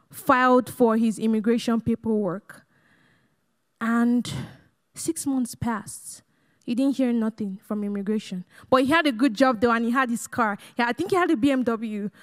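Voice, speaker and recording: Nigerian woman, young, high voice, animated testimony talk, laughs a lot and acts out the convos. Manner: animated storyteller, laughs often, acts out dialogue, talks to the crowd as "guys". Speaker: guest speaker sharing a testimony. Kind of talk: sermon-style personal testimony.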